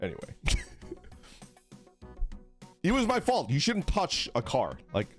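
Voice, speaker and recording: Young male streamer, casual rambling chat, animated pitch, faint background music. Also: measured pace. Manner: rambling, laughing, swearing, acts out voices in a high yell.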